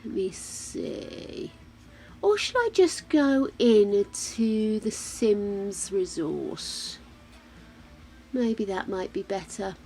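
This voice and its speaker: A woman's voice: mid-range voice, animated, drawn-out words, mellow. Chatty English woman streaming a game. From England. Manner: chatty, thinks aloud, laughs often. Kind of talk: casual chat while playing.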